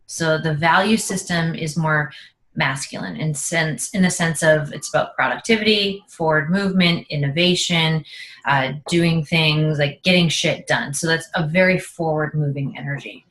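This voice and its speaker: A woman's voice: sits low, normal speed, fairly bright tone, slight background noise, low-quality recording. A woman co-hosting a relationship coaching podcast, frank and casual, swearing now and then.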